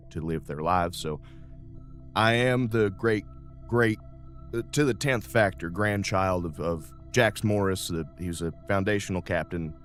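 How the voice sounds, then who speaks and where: A man voicing a folksy, easygoing older male starship captain in a tabletop game. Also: deep voice. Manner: folksy, drawling, uses ain't and y'all.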